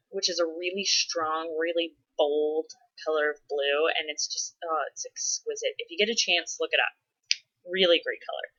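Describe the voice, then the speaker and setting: A woman's voice: lowish voice, sharp tone, dull audio. A woman vlogging casually, answering follower questions in a chatty way with frequent laughs and dramatic exasperated asides. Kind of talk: casual chat.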